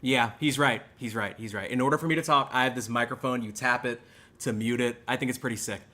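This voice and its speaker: A man hosting his own channel, reacting to clips with sarcastic, stammering fake apologies that swing between loud and hushed. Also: medium pitch, quick pace.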